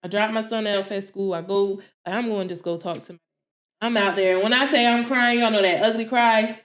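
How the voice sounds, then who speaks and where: A woman in her thirties co-hosting a casual podcast, telling stories in an animated way, acting out her own quotes and laughing often. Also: medium pitch, brisk, roomy sound. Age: 30s. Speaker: podcast co-host.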